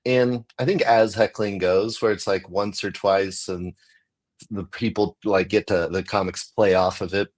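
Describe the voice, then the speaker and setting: American man, lowish voice, chatty storyteller who acts out the people he quotes. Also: unhurried. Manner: animated, acts out quoted voices, laughs often. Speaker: comedian guest. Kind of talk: casual storytelling chat.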